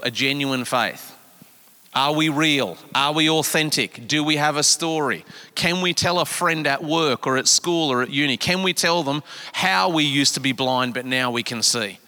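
A middle-aged man preaches to his church, his tone bright and sharp with a touch of height. He swings between hushed asides and raised, emphatic lines. Long reverb trails his words through a large auditorium. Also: fairly high pitch. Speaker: pastor. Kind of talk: sermon.

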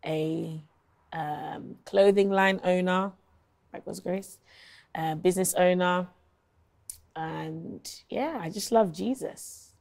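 A young woman in her twenties speaks with a London accent in a casual interview. She chats and tells stories freely, often with ums and likes, in a slightly low voice. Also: takes it slowly, vocal fry, long pauses, a little mellow. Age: 20s. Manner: chatty storyteller, many ums and likes. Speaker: guest, singer-songwriter.

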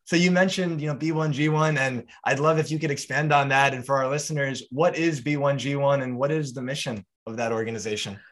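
A man's voice: medium pitch, fairly even intonation, fairly quick, few pauses, a bit bright. A man hosting a podcast interview, explaining ideas in a thoughtful, conversational way. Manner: reflective, explains ideas in short phrases. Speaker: podcast host.

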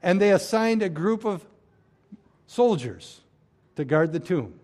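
A man delivering a sermon in a fairly high voice. He preaches emphatically, pushing key phrases out loudly and then sinking into soft, hushed lines. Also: big pitch swings, takes it slowly. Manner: emphatic preaching, swinging between loud stresses and hushed drops. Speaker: pastor.

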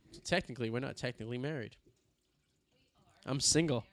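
A man's voice: mid-range voice, brisk, fairly bright tone, a little hiss or hum. A man in his thirties co-hosting a casual podcast, rambling through stories with crude jokes and frequent laughs. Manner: rambling, joking storyteller. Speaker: podcast co-host. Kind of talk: casual chat.

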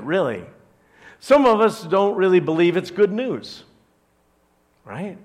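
A man from Chicago, a pastor, preaching a conversational sermon to his church with joking asides. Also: high voice. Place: church service.

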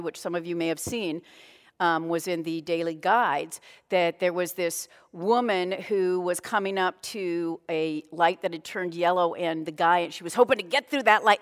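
A middle-aged woman pastor giving a sermon in a conversational, self-deprecating storytelling manner. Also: lowish voice. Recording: long reverb of a large hall.

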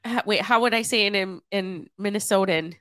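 A woman's voice: medium pitch, moderate pace, fairly bright tone, dry recording. A woman guest on a podcast, giggly and hesitant in casual chat.

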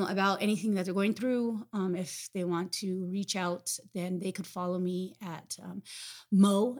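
A woman guest talking candidly on a podcast, with a plain mid-pitched voice. She is warm in her enthusiasm but stops and starts with "um" along the way. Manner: open, enthusiastic, hesitant with fillers. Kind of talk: casual interview chat.

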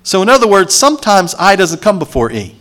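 A man's voice: sits high, very animated, a little fast, a bit bright. A man preaching a sermon, who reads scripture aloud, acts out its characters with sarcasm and asks the congregation for responses. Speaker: pastor.

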